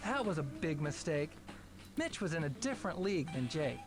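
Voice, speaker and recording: An actor playing a charming, flattering young man in a mystery video game. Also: a little high, moderate pace. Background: game music.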